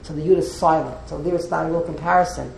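A woman's voice: sits low, fairly even intonation, fast, creaky, darkish tone, a little hiss or hum. A woman teaching a text class, explaining as she goes and often repeating and restarting her words. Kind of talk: classroom lecture with questions. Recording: roomy echo.

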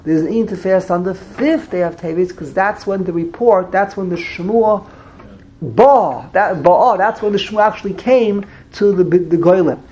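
A man's voice: sits high, normal speed, few pauses, darkish tone, rough recording. A man teaching a scripture class, going verse by verse. He repeats phrases and translates each term as he explains it. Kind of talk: verse-by-verse text study.

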